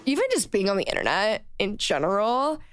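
A woman's voice: medium pitch, very animated, a little fast, no room sound, soft background music. A young woman with a Valley Girl accent hosting a podcast, chatting casually and rambling with lots of "like" and trailing thoughts. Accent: Southern California Valley Girl. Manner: rambling, filler-heavy, with frequent "like". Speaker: podcast host. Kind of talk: casual chat.

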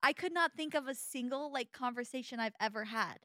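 A young adult woman with a Valley Girl accent and natural vocal fry, chatting casually as a podcast co-host in a rambling, filler-heavy way. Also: high voice, brisk, pushed and bright, no room sound, studio quality. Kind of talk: casual chat.

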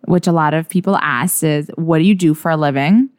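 A woman's voice: sits low, brisk, darkish tone, no echo, clean studio sound. A woman co-hosting a podcast, chatting casually about celebrities with many "like"s. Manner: chatty, filler-heavy, upbeat. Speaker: podcast co-host. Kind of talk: casual celebrity gossip chat.

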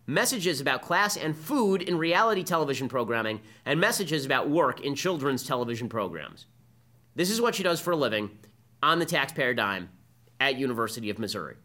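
Combative male commentator, bright and a touch high, fast and mocking. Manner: sarcastic, fast, combative, mimics people. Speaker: political podcast host.

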